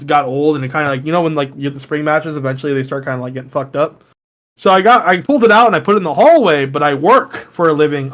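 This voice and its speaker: High-voiced young man telling wild stories. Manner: profane, animated storytelling that jumps high when quoting. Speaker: podcast co-host. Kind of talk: casual storytelling chat.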